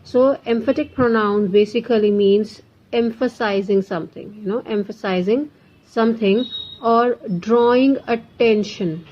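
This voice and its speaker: A young Indian woman teaching an English grammar lesson, explaining slowly and repeating the key points, with some Hindi mixed in. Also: fairly high pitch, a little mellow, muffled recording. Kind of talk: classroom lesson.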